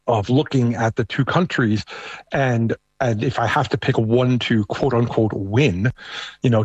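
A man's voice: mid-range voice, husky, no room sound. A middle-aged man with a thick New York accent, talking as a guest in a casual discussion, speaking conversationally with frequent restarts. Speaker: guest, American living in Canada.

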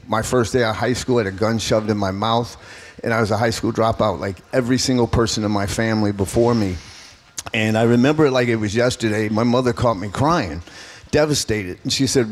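A man's voice: on the low side, a little fast. A man in his fifties, an earnest and emphatic political candidate answering questions as a radio interview guest.

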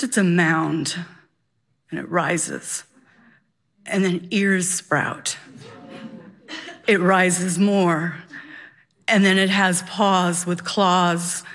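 A woman telling a personal story live, expressive and animated, building suspense. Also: mid-range voice.

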